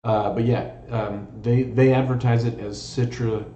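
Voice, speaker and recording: A man's voice: medium pitch, steady tone, unhurried, mellow, muffled recording. A man hosting a live stream, chatting casually in a jokey, rambling, self-mocking way. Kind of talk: casual chat. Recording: echoey room with faint noise.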